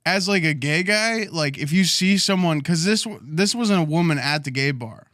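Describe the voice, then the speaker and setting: A man with a bright, fairly high voice chats bluntly with his co-host, laughing easily and reacting loudly. His tone is crisp and forward, and the recording is dry and close. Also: expressive, normal speed, no room sound. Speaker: podcast co-host. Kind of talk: casual chat.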